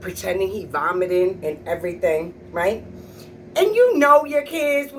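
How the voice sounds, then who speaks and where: A woman's voice: on the high side, big pitch swings, a little slow, long pauses, recorded from a distance, slight background noise, low-quality recording. A middle-aged woman comedian telling stories about her kids in a sassy, blunt, profane way. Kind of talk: stand-up storytelling.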